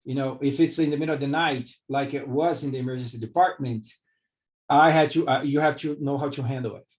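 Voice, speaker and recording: A man's voice: medium pitch, fairly even intonation, brisk. A middle-aged man from Brazil with a Brazilian Portuguese accent, a surgeon answering interview questions candidly and rambling with many fillers. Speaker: vascular surgeon.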